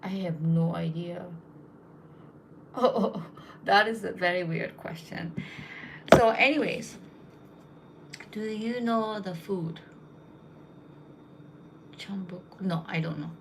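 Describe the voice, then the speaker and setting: A woman's voice: fairly low pitch, slow, creaky, pauses often, noisy background. A young woman casually telling rambling anecdotes, with lots of fillers. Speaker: storyteller.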